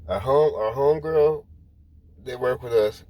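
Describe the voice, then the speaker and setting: A man's voice: medium pitch, a little slow, warm tone. A man rambling through a personal story to his viewers in casual talk, repeating himself as he goes. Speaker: vlogger.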